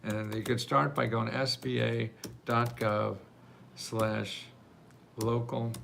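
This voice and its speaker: A man's voice: medium pitch, little pitch movement, slow pace, vocal fry, a bit bright, slight background noise. An older man hosting a live video stream, answering viewer questions in a chatty, rambling way and laughing often. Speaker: livestream host answering viewer questions about grants. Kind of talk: casual live Q&A.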